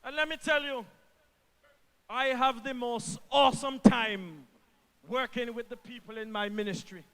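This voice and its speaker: A man with an Antiguan accent, a government minister giving an impassioned political rally speech, repeating lines for emphasis and swinging from hushed to shouting. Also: very high-pitched, a little slow, clean tone, in a large hall. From Antigua and Barbuda.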